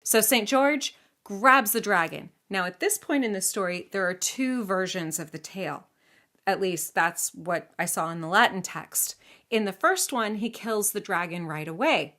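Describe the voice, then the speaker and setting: A woman's voice: medium pitch, expressive, normal speed, sharp tone. Playful woman telling a story. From United States. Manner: chatty, playful, with asides and questions. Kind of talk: casual storytelling to a child.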